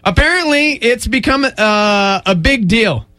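A man's voice: sits high, lively intonation, a little slow, pushed and bright, no room sound. A young man hosting a morning radio show, chatting casually in a laid-back way, full of dude and bro. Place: radio studio.

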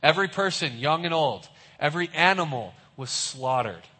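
A man preaches in a large hall, and his voice carries a long reverb. He tells the story vividly, slipping into the voices of bystanders. His voice sits a little higher than most men's. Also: animated, normal speed, sharp tone. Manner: vivid, acts out onlookers' voices. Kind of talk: sermon storytelling.

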